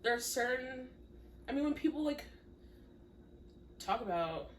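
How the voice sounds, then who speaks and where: A young woman co-hosting a podcast in casual chat, congested and wheezy, playful and quick to laugh. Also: sits high, expressive. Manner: playful, laughs often, dry jokes. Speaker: podcast co-host. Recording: roomy, mic at a distance, faint hiss.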